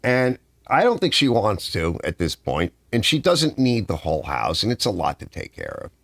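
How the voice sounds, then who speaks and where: An older man hosting a live stream from his garage, chatting casually and telling rambling, animated stories. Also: lowish voice, normal speed, creaky, no room sound. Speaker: livestream host. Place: home garage.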